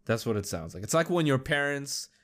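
A young man talks through his solo podcast episode in a loose, meandering way, circling back on himself and swearing freely. His voice sits at an ordinary mid pitch for a man, and he sounds like he is just chatting casually. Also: very animated, fairly quick, fairly bright tone. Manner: loose, rambling, heavy swearing. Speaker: podcast host.

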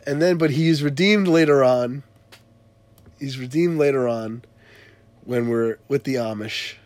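A man casually recounting a funny party story to a friend, animated and laughing as he tells it. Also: mid-range voice, measured pace, dry recording. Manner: animated, laughing retelling with quoted voices. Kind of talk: casual chat.

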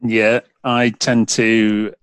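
A man's voice: fairly low pitch, level tone, drawn-out words, clear, resonant tone, dry recording. A British man hosting a podcast, rambling in casual chat with lots of fillers and restarts. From United Kingdom. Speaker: podcast host.

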